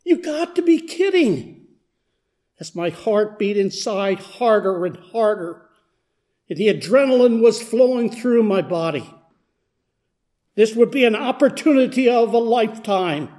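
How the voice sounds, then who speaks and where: A high-voiced man tells a story in the first person, as a poor blind beggar. His delivery is earnest and unhurried, and it steadily gathers intensity. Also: animated, dark tone. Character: blind beggar man, humble then desperate. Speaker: dramatic storyteller. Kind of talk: first-person dramatic monologue.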